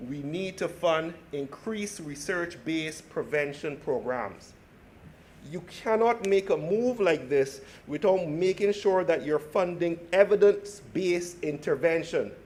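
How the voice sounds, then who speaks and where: A man's voice: on the high side, darkish tone. Earnest male senator urging the chamber. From Barbados. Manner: earnest, urging, addresses the chair. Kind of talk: parliamentary speech.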